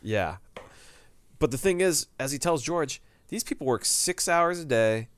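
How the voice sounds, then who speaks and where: A man's voice: on the high side, measured pace, smooth. A man co-hosting a podcast, recapping a TV drama episode in casual chat and acting out lines from the scenes. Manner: animated, retells scenes with quoted lines. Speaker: podcast co-host.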